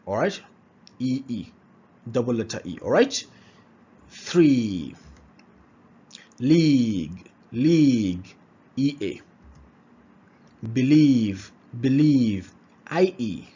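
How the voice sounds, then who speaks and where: Brief: male pronunciation teacher, unhurried drills, lively pitch that rises and falls, dull lo-fi sound. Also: breathy edge. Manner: repeats words slowly, checks in with "all right?". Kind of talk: slow, drilled pronunciation lesson. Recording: dull lo-fi recording.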